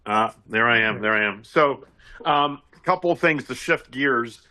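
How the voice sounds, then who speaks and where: Guy reading news out loud, stops and fixes himself a lot, medium voice. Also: medium pitch. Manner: reads aloud haltingly, corrects himself. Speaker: guest commentator. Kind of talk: casual political commentary.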